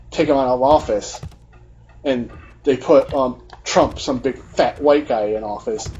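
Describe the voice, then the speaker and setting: A man's voice: medium pitch, darkish tone, lo-fi sound, slight background noise. A man hosting a gaming video, ranting in a heated, profane and repetitive way. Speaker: gaming channel host. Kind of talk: heated rant during gameplay commentary.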